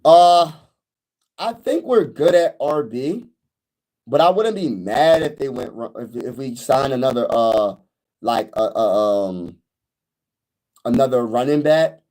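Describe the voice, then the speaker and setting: Speaking slowly but with excitement, a guy running a casual sports livestream says things over and over and calls everyone "y'all" and "bro." The phone he records on has no external microphone, so it crackles when he gets loud and high.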